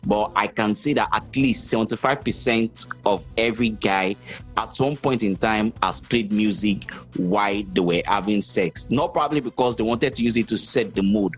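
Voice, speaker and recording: A man's voice: on the low side, moderate pace, faint music behind. A man hosting a podcast, who talks in a rambling, thoughtful way with many "you know" fillers. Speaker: podcast host. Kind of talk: casual podcast chat.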